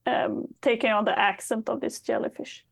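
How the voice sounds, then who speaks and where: Thoughtful, hesitant woman, fairly high voice. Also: steady tone, normal speed, vocal fry. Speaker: podcast guest. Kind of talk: casual chat.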